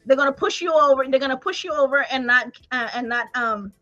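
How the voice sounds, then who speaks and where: Woman, motivational talk host, high pitch, emphatic, laughs often, faint music behind. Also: fairly quick, bright, forceful tone, muffled recording.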